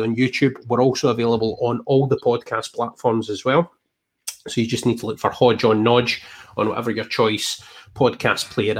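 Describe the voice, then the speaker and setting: Chatty Scottish man hosting a podcast. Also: mid-range voice. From Scotland. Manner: chatty, laughs easily, teasing. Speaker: podcast host. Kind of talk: casual podcast sign-off.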